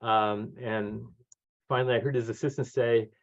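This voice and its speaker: A man in his sixties, a guest author telling lively stories, acting out the voices of people he quotes and laughing often. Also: mid-range voice, normal speed. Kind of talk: conversational storytelling. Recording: dull lo-fi audio.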